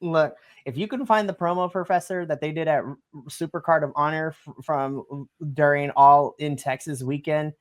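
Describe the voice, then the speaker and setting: A podcast co-host giving a casual, animated wrestling review, laughing often and trailing off mid-sentence. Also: medium pitch, normal speed.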